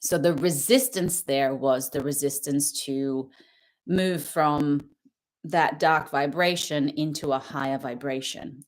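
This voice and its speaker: A woman hosting a meditation channel, talking earnestly and reflectively about family and healing, with frequent pauses and fillers. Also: sits low. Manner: earnest, searching, many fillers and restarts. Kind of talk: casual reflective monologue.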